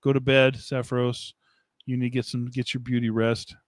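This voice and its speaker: A man chats his way through a live stream at an average pitch, rambling and poking fun at himself with frequent laughter. He answers viewers' comments as they arrive. His voice sits close and dry on the mic. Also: level tone, normal speed, no room sound. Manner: rambling and self-mocking, laughs often, answers chat comments. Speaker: livestream host. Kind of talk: casual live-stream chat. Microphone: desk mic, streaming setup.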